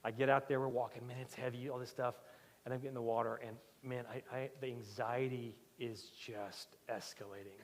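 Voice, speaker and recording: Man, pastor, sermon, animated storytelling, mid-pitched voice, long church reverb. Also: fairly quick. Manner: animated storytelling, swinging loud and soft. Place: church sanctuary.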